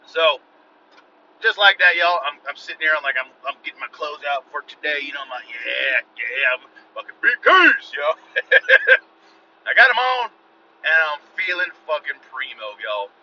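A man in his thirties ranting excitedly about his new sneakers in a casual vlog, swearing constantly and saying y'all again and again. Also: on the high side, brisk, slight background noise. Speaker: vlogger. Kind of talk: casual profane rant to camera. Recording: dull lo-fi car recording.

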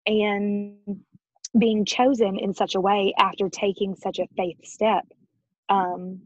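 Husky woman in her thirties, earnest. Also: medium pitch, flat delivery, takes it slowly, a little mellow, no room sound, highs cut off. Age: 30s. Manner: earnest and emotional, often laughing, near tears. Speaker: interview guest. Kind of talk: personal faith story in an interview.

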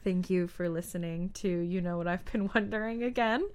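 A woman's voice: fairly low pitch, moderate pace, smooth. Young woman podcast cohost, laughs a lot, casual chatty storytelling. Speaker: podcast co-host. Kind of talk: casual chat.

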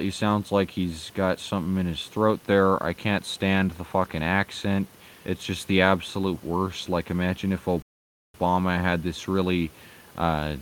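A man with a very low voice talks his way through a video in a loose, sarcastic commentary. He hesitates constantly, restarting phrases and dropping in an occasional curse word. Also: a bit bright. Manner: hesitant, sarcastic, swears, many fillers. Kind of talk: casual commentary.

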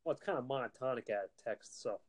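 A man's voice: medium pitch, animated, quick pace. A young adult man co-hosting a casual chat, upbeat and eager. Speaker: podcast co-host.

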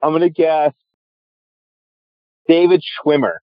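A man's voice: on the high side, steady tone, takes it slowly, no echo. A man co-hosting a casual podcast, teasing the others and making jokey guesses. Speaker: podcast co-host with his own show. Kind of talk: casual chat. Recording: dull lo-fi sound.

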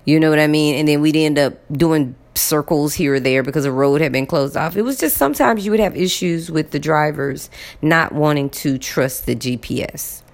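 A woman telling a personal story to her viewers in a casual, animated way, repeating words for emphasis. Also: sits low, normal speed. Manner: addresses viewers directly.

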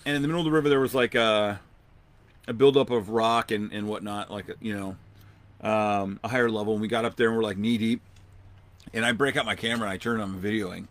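A man hosting a podcast, telling a long outdoor story in a rambling, animated way and acting out what people said. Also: fairly low pitch, fast talker. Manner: rambling, animated, acts out quotes. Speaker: podcast host. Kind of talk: casual storytelling.

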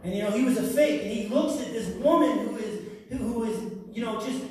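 A male pastor preaches in a loose, conversational way, dropping in frequent "you know" asides. His voice is high. The recording is very echoey, the mic is distant, and there is faint noise underneath. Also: fairly quick, darkish tone. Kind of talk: sermon. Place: church.

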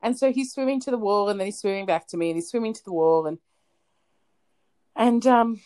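A woman's voice: medium pitch, a little fast, darkish tone, clear, resonant tone. A woman co-hosting a podcast, telling a story in casual chat and often laughing. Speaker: podcast co-host.

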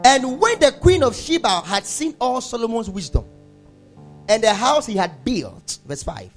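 A man preaching a sermon, animated, half-singing his phrases, laughing and quizzing the congregation. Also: extremely high pitch, measured pace, soft background music. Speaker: pastor.

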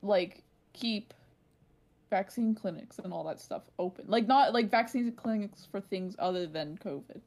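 A woman's voice: medium pitch, measured pace, darkish tone. A woman in her twenties co-hosting a podcast in casual chat, rambling and filling her sentences with "like". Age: 20s. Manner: rambling, leaning heavily on "like". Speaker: podcast co-host.

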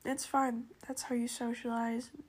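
A woman hosting her own podcast, talking casually in a rambling, chatty solo monologue with many fillers and soft asides. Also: a little high, level tone, normal speed, husky. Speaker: podcast host.

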